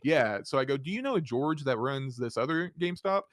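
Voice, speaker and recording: Animated man telling a story, dry sound. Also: medium pitch, brisk, no room sound. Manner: animated, acts out dialogue, laughs often, swears. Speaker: podcast host. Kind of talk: casual storytelling chat.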